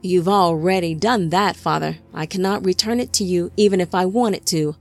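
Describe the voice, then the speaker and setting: A woman's voice: fairly low pitch, moderate pace. A woman reading the part of a scheming young man who taunts and gloats over his brothers, with music faintly behind her. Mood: gloating. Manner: smug, taunting.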